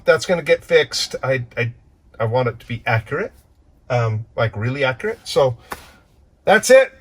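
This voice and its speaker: A man talking earnestly to camera as the owner and pilot of a plane under maintenance, animated and full of restarts. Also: medium pitch, breathy edge. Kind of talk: casual walkthrough vlog.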